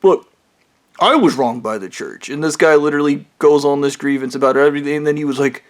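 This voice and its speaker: A man with a fairly high voice rambles through a personal monologue. He rants with agitation and swears a lot, and he keeps restarting his sentences as he goes. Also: fairly quick. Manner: agitated, profane ranting with frequent restarts. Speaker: vlogger.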